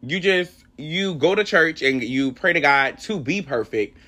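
A man's voice: on the high side, expressive, unhurried, pushed and bright. A young adult man hosting a solo podcast, telling a personal faith story in an emotional, rambling, heartfelt way. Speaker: podcast host.

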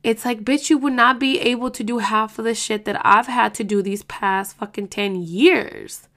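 A podcast host with a somewhat high, slightly bright voice speaks at a moderate pace in a casual monologue. Heated and blunt, she gets emotional, swears a lot, and rambles through repeated restarts.

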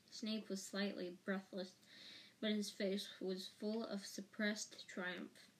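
A woman reading a novel aloud as an audiobook narrator, slow and careful, with small restarts. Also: medium pitch, little pitch movement. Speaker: audiobook reader.

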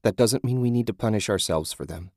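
A man voicing a firm, steady companion. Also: lowish voice, fairly quick, gravelly, no room sound, clean studio sound.

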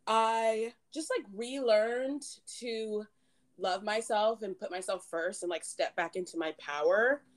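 A woman's voice: mid-range voice, a little slow. A woman in her late twenties co-hosting a podcast, chatting casually with friends and filling her talk with "like" and "um". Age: 20s. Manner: chatty, giggly, lots of "like" and "um". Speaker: podcast co-host. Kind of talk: casual chat.

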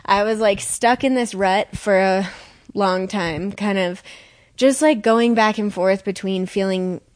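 A woman's voice: mid-range voice, measured pace, dry recording. A young woman chatting casually as a podcast co-host, earnest and rambling, with many filler words and restarts. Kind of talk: casual conversation.

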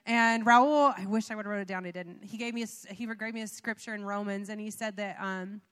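Her voice sits in the mid range, fairly bright, with fairly even intonation and a fairly quick pace. She is a young woman, the pastor's wife, giving a chatty testimony full of fillers and little laughs during a sermon. The echoing church hall comes through in the recording.

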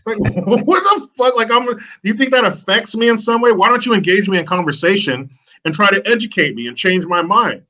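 Bright-voiced man ranting on a podcast. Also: high voice, animated, fairly quick, low-quality recording. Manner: profane, ranting, mocking. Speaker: podcast guest, online commentator. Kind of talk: casual podcast chat.

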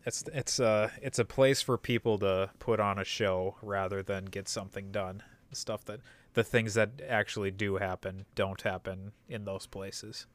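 In a lowish, steady voice, a young man talks on a podcast in a relaxed way. He speaks deliberately and stops now and then to find the right words.

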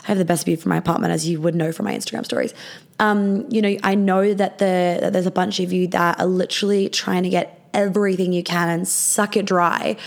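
A woman's voice: fairly low pitch, gravelly. A young adult woman hosting her own podcast from her apartment, chatting casually, swearing often, with many fillers. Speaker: podcast host and business coach.

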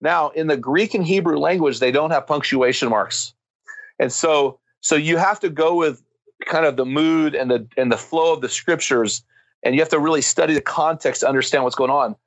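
A man's voice: fairly high pitch, normal speed, no room sound, rough recording. A man speaking as a guest, telling a story and preaching with emphatic, fervent build-ups. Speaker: guest speaker on men's ministry. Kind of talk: impassioned preaching-style storytelling.

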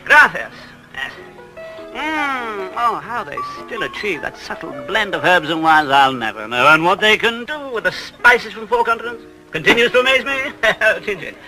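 A man's voice: sits high, sing-song, normal speed, over music, poor audio. An actor playing a suave but pompous middle-aged Englishman in a TV advert, with an affected manner, dropping foreign words. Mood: pompous, showy. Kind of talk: 1980s TV advert comedy acting.

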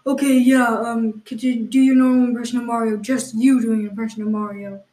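A woman's voice: fairly high pitch, little pitch movement, brisk, dark tone. A woman co-hosting a comedy podcast, questioning her partner in mock exasperation, with plenty of fillers. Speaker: podcast co-host. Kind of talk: improvised comedy banter. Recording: echoey room.

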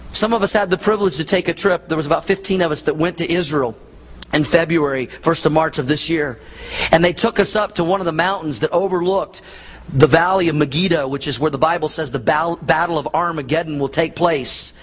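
A man's voice: fairly high pitch, brisk, slightly rough. A man preaching a sermon as pastor, telling folksy stories and acting out voices in his anecdotes. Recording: dull lo-fi sound.

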